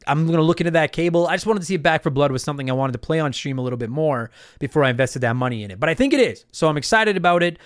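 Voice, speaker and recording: A man hosting his own podcast in casual solo chat, animated and emphatic, swearing freely as he talks. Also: on the high side, clean tone, no echo, clean studio sound. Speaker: podcast host.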